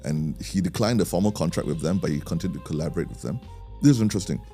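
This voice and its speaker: A man's voice: sits low, expressive, racing, warm tone, faint music behind. A man with a Singaporean English accent, co-hosting a podcast and telling a story in a chatty way, often restarting his sentences. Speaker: podcast co-host. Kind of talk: casual storytelling chat.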